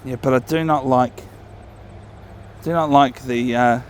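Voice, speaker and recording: A man's voice: mid-range voice, fairly even intonation, a little slow, a little hiss or hum. A man with a New Zealand accent chatting casually to camera while walking his dog on an outdoor riverside trail. He rambles and often corrects himself mid-sentence. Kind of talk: casual walking vlog chat.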